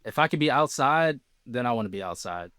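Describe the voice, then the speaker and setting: Smooth-voiced relaxed male podcast guest. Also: medium pitch, fairly quick, dry recording, studio quality. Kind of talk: casual interview chat.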